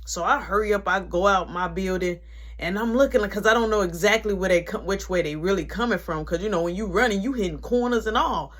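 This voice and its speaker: A woman's voice: medium pitch, brisk. A young adult woman telling a story in a casual, slangy, profane way and acting out each person's lines.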